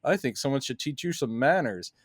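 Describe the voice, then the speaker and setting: A man co-hosting a podcast and breaking down a film scene, acting out movie lines in quick put-on voices. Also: medium pitch, lively intonation, dry recording, clean studio sound. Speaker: podcast co-host. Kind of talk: casual film discussion.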